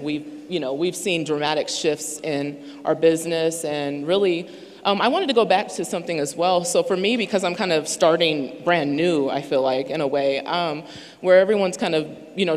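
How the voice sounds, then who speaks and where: A woman sharing her business story on a panel, hesitant and full of filler pauses. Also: deep voice. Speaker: panel speaker. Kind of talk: personal testimony at a live event. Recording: echoey event hall.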